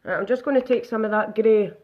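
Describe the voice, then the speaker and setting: A woman's voice: fairly high pitch, fast talker, lo-fi sound. A woman chatting casually through a live makeup demonstration, narrating each step aloud.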